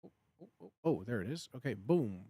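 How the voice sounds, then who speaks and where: A man's voice: mid-range voice, big pitch swings, fairly quick, dark tone, slightly rough, no room sound, clean studio sound. A man chatting casually on a live stream, nervous and muttering to himself between fillers. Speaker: livestreamer.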